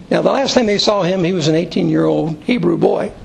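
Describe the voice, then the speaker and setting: A man's voice: sits high, fairly quick, vocal fry, hardly any pauses, a little hiss or hum, low-quality recording. A man leading a Bible study, reading scripture aloud and then explaining it to a small group in a conversational way. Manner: conversational and explanatory, with occasional fillers.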